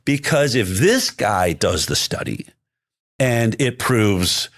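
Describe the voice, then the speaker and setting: A man's voice: fairly low pitch, animated, takes it slowly, a bit bright, dry recording. A man speaking as an interview guest in casual conversation, emphatic and often restarting his sentences.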